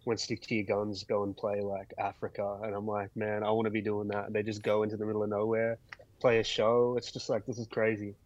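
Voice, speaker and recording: Laid-back man with a low voice. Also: flat delivery, fairly quick, darkish tone, no echo, muffled recording. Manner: laid-back storytelling with easy laughs. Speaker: guest musician. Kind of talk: casual podcast chat.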